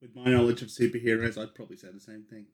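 Male co-host, average pitch, playful casual banter. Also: little pitch movement, very fast. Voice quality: joking, laughing side comments. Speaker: podcast co-host. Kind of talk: casual chat.

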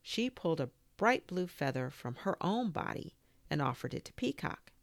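Reading a children's story as a podcast host, this woman sounds gentle and expressive. Her low, gravelly voice moves slowly with widely varying intonation, captured close and dry with no echo.

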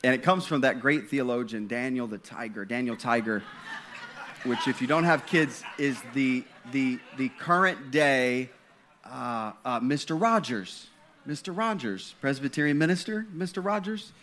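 A man's voice: mid-range voice, lively intonation, normal speed, fairly bright tone. A man preaching a sermon in a conversational style, stumbling and restarting, then building to fervent passages. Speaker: pastor.

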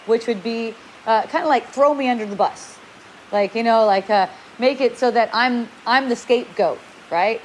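A woman in her forties telling personal stories in a chatty, animated way, acting out quoted lines and laughing often. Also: sits high, slight background noise, low-quality recording. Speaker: speaker sharing spiritual experiences. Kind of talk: personal storytelling talk.

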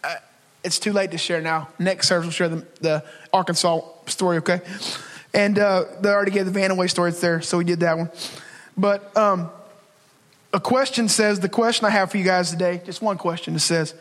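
A man's voice: high voice, fairly even intonation, a little fast, fairly bright tone. A man preaching a casual, emphatic sermon as pastor, talking to the congregation and acting out his prayers to God. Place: church sanctuary. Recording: long reverb of a church hall.

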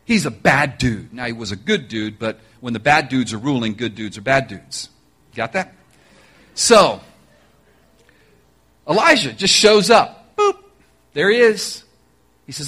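A man preaching a sermon, telling a story with animated energy, joking asides, and direct appeals to his listeners. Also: fairly high pitch, a little slow, pauses often. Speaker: pastor.

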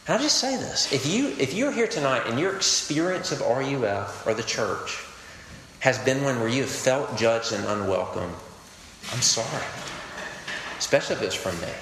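Bright-voiced man preaching in an echoey hall. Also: mid-range voice, big pitch swings, moderate pace, slight background noise. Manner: earnest, conversational preaching with quoted anecdotes. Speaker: campus ministry pastor. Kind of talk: sermon.

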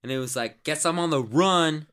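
A man's voice: a little high, normal speed, fairly bright tone, lightly acted. A man voicing a brash, crude male jock team captain who rambles boastfully and swears constantly. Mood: swaggering rant. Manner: swaggering, profane, rambling storyteller.

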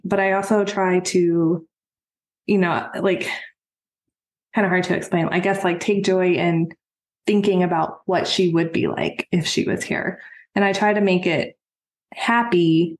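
A woman in her thirties, a guest talking openly and earnestly about her own life, soft-spoken and full of fillers. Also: on the low side, steady tone, measured pace. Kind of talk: personal conversation. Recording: roomy echo.

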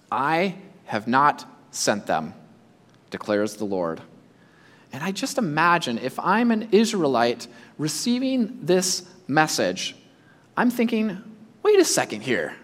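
Animated preacher, high lively voice. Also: male voice, takes it slowly, in a large hall. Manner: animated, acts out imagined voices of listeners. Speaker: pastor. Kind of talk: sermon.

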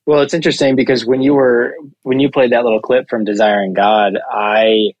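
A man's voice: medium pitch, flat delivery, fairly quick, darkish tone, no room sound, lo-fi sound. A man speaking as guest co-host on a Christian podcast, talking earnestly and thoughtfully. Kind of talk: casual faith podcast chat.

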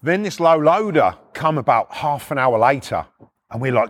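A middle-aged man telling a rough, profane story in casual chat, acting out the other people's voices as he goes. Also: mid-range voice, moderate pace. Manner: animated, swears constantly, acts out voices. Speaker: podcast storyteller.

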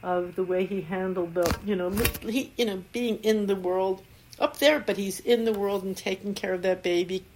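A woman's voice: medium pitch, steady tone, moderate pace. Older female Zen teacher, storytelling dharma talk, laughs easily; slight room noise. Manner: warm storytelling, laughs often.

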